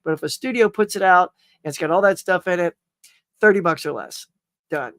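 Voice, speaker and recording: A man's voice: high-pitched, a little fast, a bit bright, no room sound. A man hosting a casual live stream, rambling cheerfully, greeting viewers and reading their comments, often saying "y'all" and "man.".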